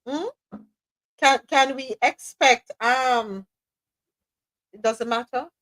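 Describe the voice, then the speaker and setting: A Jamaican woman hosting a live show in lively, exclamatory casual chat. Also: sits high, takes it slowly, no echo, rough recording. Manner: animated, exclamatory, laughs often. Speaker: host.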